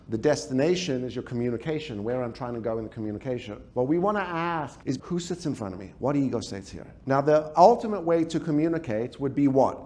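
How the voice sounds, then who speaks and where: A man giving an animated workshop talk as a trainer, telling stories with sound effects and quizzing the audience. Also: fairly high pitch. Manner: lively storytelling with sound effects and audience questions. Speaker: speaker and trainer.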